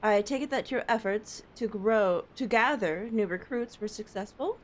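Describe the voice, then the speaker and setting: A woman's voice: medium pitch, moderate pace, close to an everyday voice. A woman voicing a formal young noblewoman, reading game dialogue aloud.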